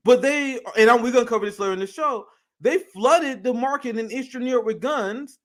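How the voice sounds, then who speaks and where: A man's voice: very high-pitched, expressive, normal speed. A man co-hosting a political talk show, speaking bluntly and profanely, often laughing and stammering through restarts. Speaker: political podcast co-host.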